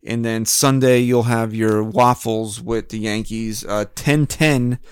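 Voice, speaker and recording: A man's voice: lowish voice, fairly even intonation, takes it slowly, clear, resonant tone, no room sound. A man with a clean, resonant voice hosts a casual sports talk podcast. He chats with his co-hosts and runs through the games ahead. The sound is dry and close. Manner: runs the segments, reads the schedule. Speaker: podcast host.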